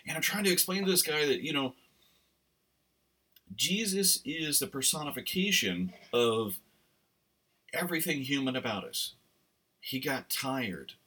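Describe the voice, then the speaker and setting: Talk host: rambling male storyteller, tense bright tone, set back from the mic. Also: mid-range voice, animated, a little slow, long pauses, husky, recorded from a distance. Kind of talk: casual commentary monologue.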